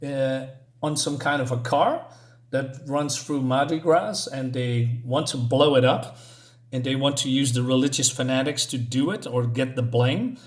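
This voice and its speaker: A man's voice: mid-range voice, measured pace. Rambling man reviewing a comic. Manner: rambling, hesitant, many fillers and chuckles. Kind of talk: casual comic review talk.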